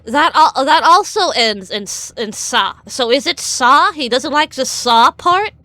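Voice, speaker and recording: A woman's voice: sits high, lively intonation, unhurried, bright, forceful tone, no room sound. A woman streamer chatting casually, rambling and stammering with frequent laughs. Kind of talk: casual live-stream chat.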